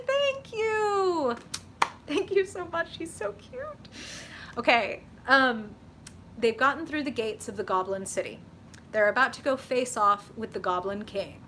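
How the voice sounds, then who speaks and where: A young woman hosting a live tarot reading, chatting with viewers in an animated, casual way, swearing freely and saying "like" often. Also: medium pitch, a little hiss or hum.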